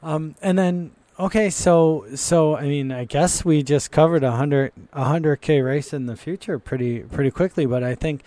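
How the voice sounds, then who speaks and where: Male co-host, warm mellow tone, dry close mic, chatty storyteller. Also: on the high side, normal speed, hardly any pauses, no echo. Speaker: podcast co-host, runner. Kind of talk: casual conversation.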